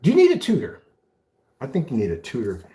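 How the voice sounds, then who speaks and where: Man, sarcastic callout rant, taunting, lively swooping pitch. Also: quick pace. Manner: mocking, sarcastic, repeats phrases to taunt. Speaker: video blogger. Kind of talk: ranting callout video.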